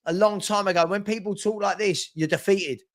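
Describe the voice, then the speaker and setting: On a dry recording, a man with a high-sitting voice talks a little fast while hosting a fan stream. Animated and chatty, he reads viewers' super chats and banters back with them.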